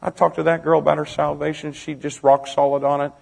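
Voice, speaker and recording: Dramatic preacher man with a higher voice. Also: little pitch movement, brisk, creaky. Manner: dramatic, swings from shouting to hushed near-whispers; emphatic, challenging the listeners with direct questions. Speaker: preacher, youth pastor. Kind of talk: storytelling sermon to young people.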